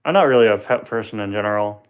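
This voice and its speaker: A man's voice: on the low side, fast, smooth. Rambling young man on a livestream. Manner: rambling, joking, trips over words. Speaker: livestream host. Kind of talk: casual live Q&A chat. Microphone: phone on a tripod.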